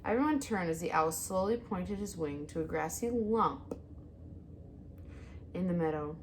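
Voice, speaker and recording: A woman reading a children's novel aloud as narrator, with an expressive, animated delivery. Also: fairly low pitch, a little slow, slight background noise. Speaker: audiobook reader. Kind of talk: storybook read-aloud narration.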